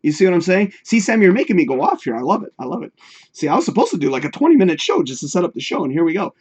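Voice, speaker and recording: High, animated man hosting a stream. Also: very fast, breathy edge. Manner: profane, rambling, talks straight to viewers. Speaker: host of a live talk show. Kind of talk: casual livestream chat.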